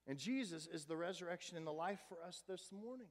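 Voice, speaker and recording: A man's voice: high-pitched, lively intonation, fairly quick, few pauses. A man preaching a sermon and reading scripture aloud, building in intensity. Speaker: pastor. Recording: long reverb of a big room, faint music.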